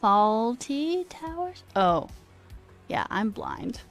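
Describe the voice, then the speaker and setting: Slow-talking woman chatting on a stream. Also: a little high, big pitch swings, soft background music. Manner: chatty, trails off, reads and answers chat. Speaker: coding livestreamer. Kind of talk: casual live-stream chat with viewers.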